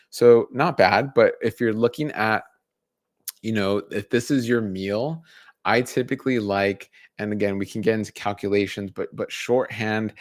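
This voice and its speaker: Low-voiced man, conversational dietitian. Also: dry recording, clean studio sound. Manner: conversational, restarts and fillers, enumerating points. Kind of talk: casual educational talk.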